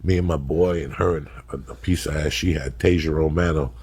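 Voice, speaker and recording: A middle-aged man with a rumbling low, slightly mellow voice and a breathy edge keeps a steady tone at a fairly quick pace. Hosting a podcast, he rambles through profane stories, laughing often as he goes.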